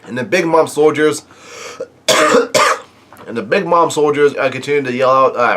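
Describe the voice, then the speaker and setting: A man talks through a comic chapter as a casual reviewer, at a middling pitch. He stumbles and restarts often, filling gaps with fillers as he recounts the story. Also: fairly bright tone. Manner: halting, many fillers and restarts. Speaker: manga reviewer.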